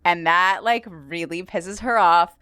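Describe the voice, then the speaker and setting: A woman comedian hosts a casual podcast chat and tells a long story. Her voice is smooth and clear, recorded close and dry. She acts out other people's lines by jumping up into a high, bright tone. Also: unhurried, no room sound. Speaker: podcast host.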